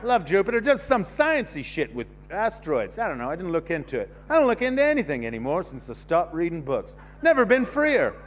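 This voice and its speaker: Rambling Canadian comedian with a high, lively voice. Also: male voice, brisk, hardly any pauses, a little hiss or hum. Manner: rambling, self-mocking, swearing freely, trailing off. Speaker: stand-up comedian. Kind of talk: stand-up set. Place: comedy club stage.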